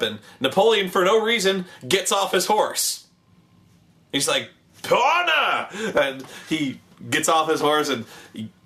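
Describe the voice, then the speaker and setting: Man, slightly high voice, sarcastic comedic review, swears freely, acts out scenes in goofy voices. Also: a bit bright. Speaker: show reviewer.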